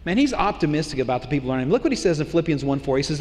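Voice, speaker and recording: A middle-aged man preaching a sermon, animated and conversational, with rhetorical questions to his congregation. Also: on the high side, rapid-fire, hardly any pauses. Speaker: pastor. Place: church auditorium. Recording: long hall reverb.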